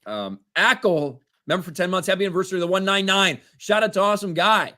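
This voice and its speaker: Co-hosting a casual livestream, this man in his thirties speaks fast, with a high voice and a sharp tone. He works through the viewer donations, reading names and messages aloud and frequently laughing along.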